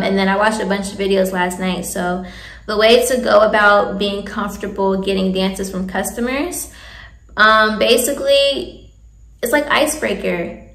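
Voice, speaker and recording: A woman's voice: medium pitch, vocal fry, a bit bright, roomy sound. A young woman in a casual, candid advice chat, chatty and laughing often. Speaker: vlogger giving advice.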